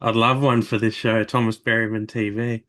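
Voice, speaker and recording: A man's voice: fairly low pitch, level tone, moderate pace, a bit bright. A man from Western Australia with an Australian accent, hosting an interview and giving brief, agreeable replies. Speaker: show host.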